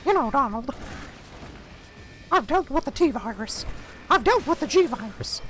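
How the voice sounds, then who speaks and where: A man doing a falsetto impression of a cheerful cartoon mouse while playing a video game. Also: very animated, unhurried, fairly bright tone, soft background music, heavily acted. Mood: chipper. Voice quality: falsetto squeak. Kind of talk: playful impression.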